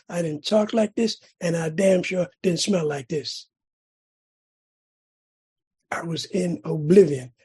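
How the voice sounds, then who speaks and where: A middle-aged man from California sharing his recovery story at a meeting, telling it dramatically with sudden loud bursts and rhythmic repetition. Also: high-pitched, husky. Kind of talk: personal recovery testimony.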